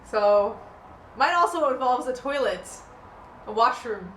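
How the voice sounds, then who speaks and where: A woman's voice: fairly high pitch, a little slow. A young woman chatting casually on a vlog, telling a story with lots of acted-out lines. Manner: animated, acts out voices in stories, laughs often. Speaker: vlogger. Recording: echoey room, faint noise.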